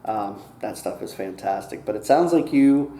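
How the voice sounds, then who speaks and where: A man hosting a casual interview who talks in a relaxed, friendly way with frequent fillers. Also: lowish voice, moderate pace. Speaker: podcast host. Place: inside a brewery taproom. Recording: echoey room with faint hiss.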